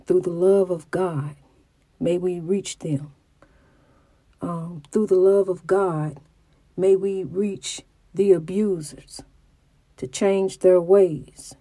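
A woman's voice: on the low side, dark tone, no echo. A middle-aged woman with a country way of talking and a slight stutter, giving a preachy religious testimony and often restarting her words. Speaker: mother.

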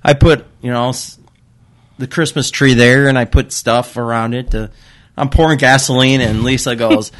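A middle-aged father on a casual podcast, telling stories animatedly, swearing and loudly acting out what people said. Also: mid-range voice, moderate pace. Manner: animated, swearing storyteller who acts out quotes loudly. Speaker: guest father. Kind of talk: casual storytelling chat.

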